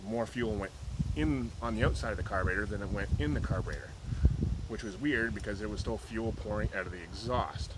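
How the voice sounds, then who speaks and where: A man's voice: fairly low pitch, a little fast. A man chatting casually in his car-repair vlog, rambling and joking offhandedly. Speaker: car hobbyist vlogger. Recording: noisy home video with steady background noise.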